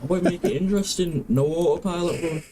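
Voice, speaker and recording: A man's voice: a little high, fast, noisy background. A teenage boy chatting casually beside his father's game, cheeky and mocking, full of slang like mate and bro. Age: teens. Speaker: host's son, co-commentator. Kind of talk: casual chat.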